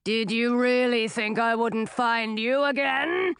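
A woman reading aloud, voicing a huge, gruff male ice dragon with a slow, growling delivery. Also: on the high side, a bit bright. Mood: menacing. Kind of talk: audiobook character voice.

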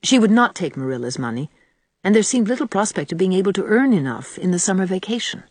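A woman narrating a novel aloud in an expressive, storytelling manner, recorded close on a microphone. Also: medium pitch, fast, no room sound. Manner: expressive, varies voices for characters. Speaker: audiobook narrator. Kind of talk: scripted narration.

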